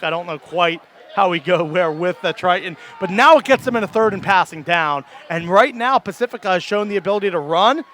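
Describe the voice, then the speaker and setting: A man doing color commentary at a high school football game, breaking down formations with enthusiasm and easy chuckles. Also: bright, forceful tone.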